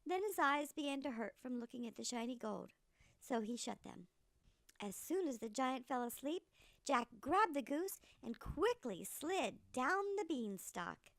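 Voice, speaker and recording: A woman reading a fairy tale aloud in an animated, theatrical storyteller style. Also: high-pitched, a little slow, dry recording.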